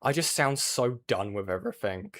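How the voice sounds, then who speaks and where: A man's voice: mid-range voice, expressive, normal speed, a bit bright. A man hosting a livestream, chatting casually about online drama with lots of filler words. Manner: casual, chatty, says like a lot. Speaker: stream host.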